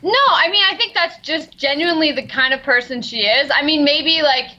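A woman's voice: high voice, a little fast, sharp tone. A woman guest answering interview questions in an easygoing way, with many fillers, over a remote call. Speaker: guest fighter. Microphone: remote call line. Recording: dull call-line audio.

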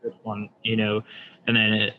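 A man walking someone through his shop's job software in a relaxed, step-by-step way with many fillers. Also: fairly low pitch, moderate pace, narrow, tinny audio, a little hiss or hum. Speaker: shop owner demonstrating software. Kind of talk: casual screen-share demo.

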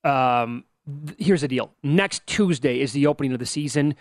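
A man's voice: medium pitch, normal speed, no echo, clean studio sound. A young man co-hosting a sports betting show, chatty and teasing. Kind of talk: casual sports radio banter.

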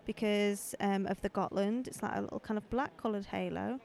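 A woman's voice: medium pitch, steady tone, a little fast, vocal fry, darkish tone. A woman hosting a casual live podcast as she walks around festival stalls outdoors, chatting in a rambling, friendly way into a handheld microphone. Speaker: podcast host.

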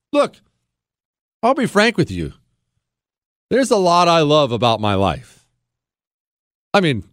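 A middle-aged man holds forth in an indignant political monologue, pitching his questions high and letting his voice leap around. The sound is dry and close, with no room around him. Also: no room sound. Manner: heated, indignant, rhetorical questions. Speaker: podcast host.

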